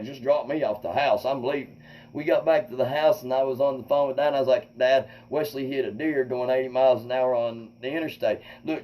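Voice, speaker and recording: Animated man telling a story. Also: a little high, low-quality recording. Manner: animated, swearing, acts out quotes loudly. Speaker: comedian host. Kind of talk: casual storytelling to viewers.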